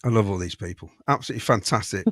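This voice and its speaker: A man's voice: lowish voice, quick pace, a bit bright, no echo, studio quality. A man hosting a casual football fan podcast, chatting, laughing often and reading out viewer messages.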